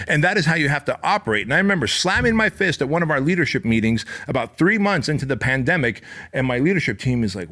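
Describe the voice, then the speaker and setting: A man's voice: mid-range voice, animated, fast talker. Intense profane motivational man. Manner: intense, profane, rising to shouting fervor. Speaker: podcast host. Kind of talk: motivational monologue.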